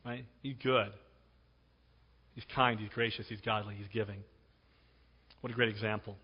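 A man's voice: on the low side, fairly even intonation, normal speed, slightly rough. A man pastor preaching a sermon in a conversational, storytelling way, repeating words for emphasis. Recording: dull sound in a reverberant hall.

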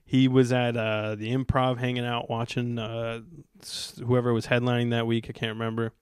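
A man's voice: mid-range voice, monotone, normal speed, clear, resonant tone, no room sound, studio quality. A man hosting a podcast, telling a story in a laid-back, rambling way. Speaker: podcast host. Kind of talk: casual storytelling chat.

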